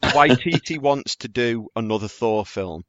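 A man's voice: mid-range voice, animated, measured pace, a bit bright, dry recording. A man, co-hosting a casual podcast, swearing and telling stories with jokey impressions. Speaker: podcast co-host. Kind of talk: casual chat. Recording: dry, dull lo-fi audio.

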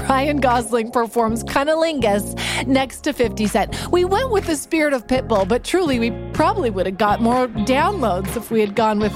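A woman hosting a podcast in a playful, bubbly, joking way. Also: fairly high pitch. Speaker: podcast host. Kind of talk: casual podcast chat.

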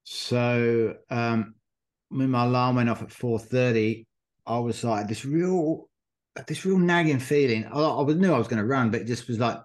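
Brief: podcast host, rambling, casual storyteller, average pitch. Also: male voice, normal speed. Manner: rambling storyteller with many fillers. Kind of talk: casual chat.

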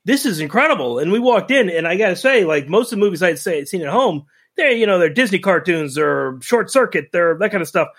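A middle-aged man telling a personal story in a casual podcast chat, animated and emotional, acting out quoted lines. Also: high-pitched, fairly quick, few pauses. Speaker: podcast co-host.

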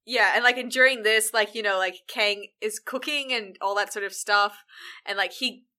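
A woman's voice: mid-range voice, moderate pace, sharp tone. A woman, casually recapping a show, animatedly quoting characters and swearing freely.

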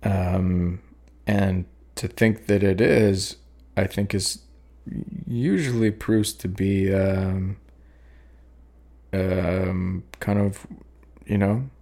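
A young man with a daughter, hosting a podcast and talking over his own poems in a halting, reflective way, with many fillers and restarts. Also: low voice, fairly even intonation, mellow. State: sleepy, yawning. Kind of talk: rambling reflective talk.

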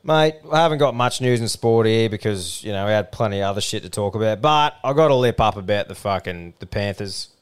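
A man's voice: on the low side, animated, brisk, hardly any pauses, clean tone. A young man with an Australian accent, co-hosting a podcast and telling blunt, sweary yarns in casual banter. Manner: blunt, sweary, laid-back yarn-spinning. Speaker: podcast co-host.

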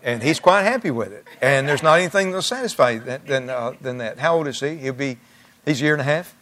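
A man's voice: mid-range voice, animated, quick pace, fairly bright tone. An older man, a pastor, preaching a storytelling sermon in a church in a conversational way, with chuckling asides to the congregation. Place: church sanctuary.

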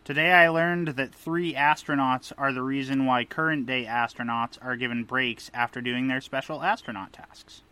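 A man co-hosting a podcast in casual chat, playful and quick to laugh. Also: medium pitch, fairly even intonation, bright, forceful tone, smooth. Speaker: podcast co-host.

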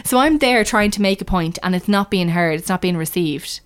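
A woman's voice: fairly low pitch, fairly quick, clean tone. A woman on a podcast chatting candidly, telling stories with lots of restarts and acted-out quotes. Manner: animated, storytelling, restarts often. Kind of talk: candid casual chat.

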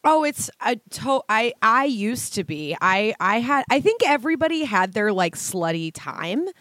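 A woman's voice: fairly high pitch, sing-song, unhurried, a bit bright, no echo. Joking woman podcast co-host, dry sound. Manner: joking, self-deprecating. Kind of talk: casual chat.

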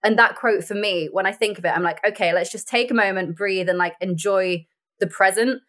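Chatty, laughing actress. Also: female voice, mid-range voice, a little fast. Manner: chatty, laughs often, animated storytelling. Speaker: actress and podcast guest. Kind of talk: casual chat.

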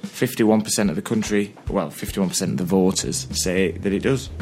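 A man's voice: low voice, moderate pace, a little mellow, soft background music. A man from England co-hosting a podcast, chatting casually and joking, laughing often. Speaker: podcast co-host. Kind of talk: casual chat.

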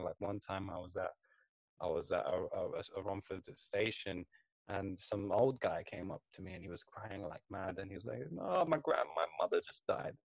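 A man's voice: low-pitched, no room sound. A young man from England in casual chat, telling a story in a rambling way with many fillers.

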